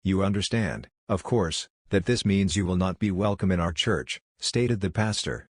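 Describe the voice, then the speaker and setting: A man reads one joke after another in a flat, deadpan manner. His voice sits very low. The recording is close and dry, with no room sound. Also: normal speed, breathy edge, no echo. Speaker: joke narrator. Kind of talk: reading jokes aloud.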